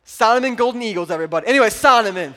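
A high-pitched man in his thirties delivers a sermon as a pastor. He tells stories with animated energy, dropping low and quiet, then surging loud and excited as he urges the crowd on. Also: rapid-fire. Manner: animated storytelling, acts out his daughter's voice.

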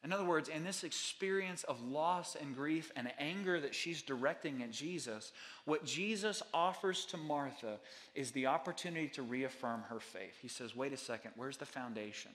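Earnest preaching man, softening on key lines. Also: on the high side, animated, moderate pace. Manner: earnest, repetitive preaching cadence that drops soft on key lines. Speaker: pastor. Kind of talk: sermon.

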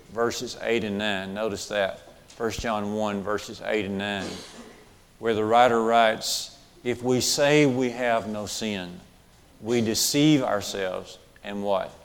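A man's voice: mid-range voice, long reverb tail. A male preacher delivering a sermon, repeating key phrases for emphasis and checking in with listeners with questions and frequent "okay"s. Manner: says okay often, asks questions of the listeners.

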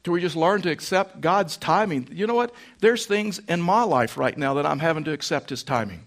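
A man's voice: fairly high pitch, expressive, a little fast, creaky. A man preaching a sermon as a pastor, telling stories in a folksy way and repeating phrases for emphasis.

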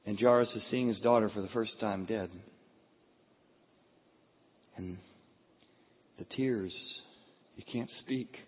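A man preaching a sermon, retelling the scene dramatically and swinging from hushed tones to loud outbursts. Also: fairly low pitch, slow pace, long pauses, a little hiss or hum. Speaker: pastor. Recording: echoey hall over a tinny phone-like line.

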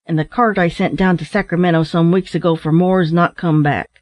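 A woman's voice: on the low side, steady tone, fairly quick, darkish tone, dry recording, lightly acted. A woman voicing an apologetic male ranch keeper in a storybook.

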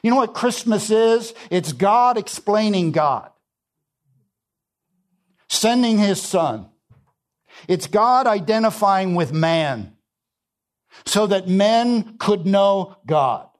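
A man preaching a sermon, emphatic, repeating key phrases and swinging between quiet and loud passages. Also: high voice. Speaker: pastor.

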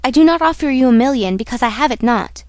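A woman's voice: high-pitched, animated, fast talker, a little mellow, no echo. A woman voicing a defiant, desperate young male prisoner in an audiobook reading, insistent and pleading. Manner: insistent, pleading then threatening.

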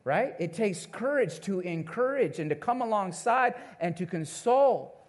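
A man's voice: sits high, moderate pace. A male pastor preaching a sermon to his congregation in a conversational way, calling out to the listeners and acting out the people he quotes. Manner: animated, acts out the people he quotes. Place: church service before a congregation.

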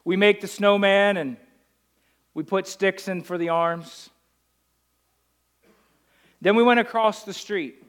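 A man preaching a sermon as a pastor, swinging from loud declarations down to hushed storytelling. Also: high-pitched, fairly even intonation, slow pace, long pauses, clean tone.

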